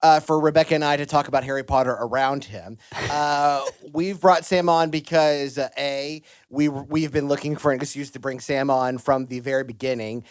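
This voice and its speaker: A man's voice: medium pitch, fairly even intonation, moderate pace, clean tone, dry recording. A man hosting a podcast, chatting in a jokey, self-deprecating way. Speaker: podcast host. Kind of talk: casual chat.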